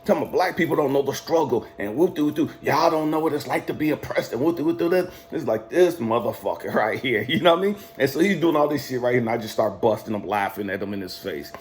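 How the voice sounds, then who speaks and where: A man's voice: medium pitch, quick pace, few pauses. A man from California telling a personal story in a casual, profane, defiant way, laughing often. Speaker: life coach vlogger.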